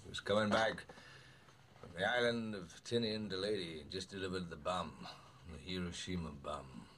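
A grizzled old sea captain, deep and grim. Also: male voice, a bit bright, slight background noise. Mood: grim, haunted. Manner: slow, grim storytelling drawl. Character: grizzled old male sea captain, haunted shark hunter. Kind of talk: film monologue clip. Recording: distant film audio with faint ambience.

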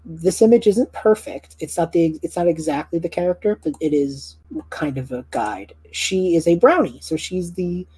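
A woman's voice: on the low side, moderate pace, few pauses, dark tone, husky, dry recording, poor audio. A woman game master narrating a tabletop game, often hesitating and restarting.

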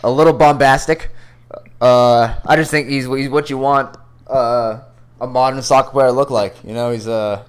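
Young man, podcast co-host, smooth clear voice, casual sports chat, joking and cursing, on a computer call. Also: mid-range voice, steady tone, moderate pace. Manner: loose, swearing, joking banter.

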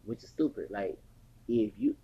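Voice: mid-range voice, huge pitch swings, moderate pace, creaky, breathy edge, highs cut off. A person in their forties telling a long story in a casual, rambling rant, swearing heavily and growing heated. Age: 40s. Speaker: podcast host.

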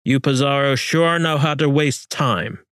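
A man's voice: mid-range voice, measured pace, a bit bright, no echo, studio quality, pitched above the performer's own voice, lightly acted. A man voicing a stubborn Spanish captain who talks in a sneering, mocking way. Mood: scornful.

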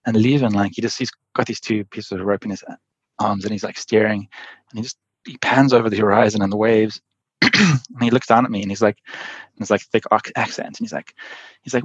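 Brief: man, deep voice, rambling guest storyteller, muffled dry sound. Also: quick pace, husky, no echo. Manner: rambling, filler-heavy, laughs often. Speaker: podcast guest, endurance athlete. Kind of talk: casual storytelling.

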